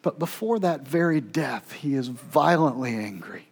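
A high-voiced man delivering a sermon from the pulpit. He moves between loud, urgent stretches and quiet, hushed passages, telling the story with dramatic force. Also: lively intonation, a little slow, husky. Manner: dramatic, swings between loud intensity and hushed near-whispers. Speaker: pastor.

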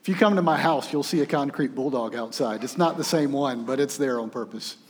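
A male pastor preaching a sermon, telling stories in a conversational, animated way. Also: medium pitch, fairly quick. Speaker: senior pastor. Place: church sanctuary. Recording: long reverb of a large hall.

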